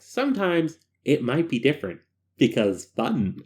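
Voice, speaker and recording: A man narrating a creepy case file, then slipping into joking, self-mocking asides. His fairly high voice is lively, rising and falling freely as he reads and comments. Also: normal speed. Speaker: narrator and host. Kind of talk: reading a horror file with casual commentary.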